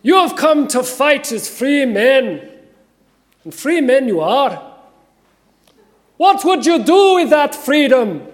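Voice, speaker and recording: A man putting on a Scottish accent to play a warrior chief giving a slow, rallying battle speech in a church. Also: extremely high pitch, big pitch swings, voice pushed up, exaggerated voice. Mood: rousing. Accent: put-on Scottish. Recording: long reverb of a large church.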